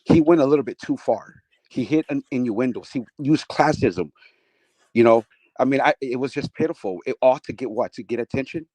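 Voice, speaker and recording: A man's voice: medium pitch, brisk, a little mellow, dry recording. A man on a live call-in, bluntly lecturing a rival in a heated argument. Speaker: caller.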